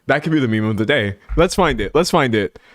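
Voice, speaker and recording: A man's voice: mid-range voice, animated, brisk, no echo. Laughing man ranting on a livestream. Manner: laughs often, rambling with restarts. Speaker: livestream host. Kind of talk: casual livestream rant. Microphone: streaming microphone.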